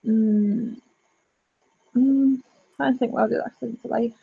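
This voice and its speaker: A woman's voice: fairly high pitch, steady tone, slow, creaky, breathy edge. Chatty woman on a dull stream. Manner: chatty, thinks aloud, talks straight to viewers. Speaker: live chat host. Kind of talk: casual live-stream chat.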